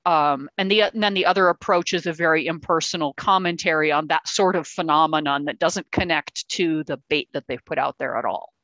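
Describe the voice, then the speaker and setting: A woman with a low voice speaks fairly quickly and with few pauses, her tone a bit bright, in a muffled recording with no room sound. She is giving an informal lecture in a meeting hall on verbal self-defense, explaining techniques and acting out sample lines in other voices, with fillers and restarts.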